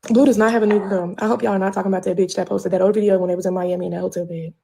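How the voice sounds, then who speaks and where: A woman's voice: medium pitch, level tone, very fast, vocal fry, mellow, a little hiss or hum. A pregnant woman ranting on a livestream from home, profane and confrontational with a drawling delivery.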